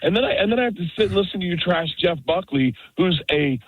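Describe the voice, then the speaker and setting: A man calling into a radio show from his car, rambling through an animated story full of acted-out quotes. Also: high-pitched, quick pace, no echo. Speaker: celebrity caller on the hotline. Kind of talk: phone-in banter. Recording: muffled phone line.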